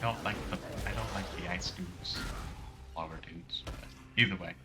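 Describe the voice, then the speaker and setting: A deep-voiced man talks at a normal pace against a noisy background while playing a game on stream. He rambles casually, wanders off topic a lot, and fills his speech with "like."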